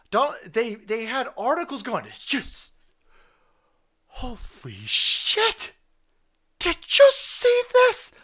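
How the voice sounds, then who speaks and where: Brief: male commentator, mocking and crude, animated and up-pitched. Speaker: online commentator. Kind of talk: profane reaction commentary.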